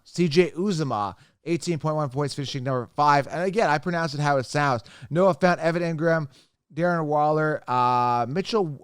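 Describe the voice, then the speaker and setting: A man with a somewhat high, smooth, clear voice, hosting his own sports show. He talks bluntly and emphatically. The sound is dry and close, with no room echo. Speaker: fantasy football show host. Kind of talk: energetic solo sports commentary.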